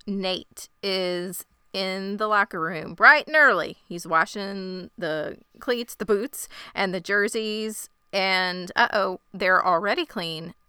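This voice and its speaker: Bright, crisp woman podcast host. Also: mid-range voice, slow pace, few pauses, no echo, studio quality. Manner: bubbly, acts out quoted lines. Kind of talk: casual recap chat.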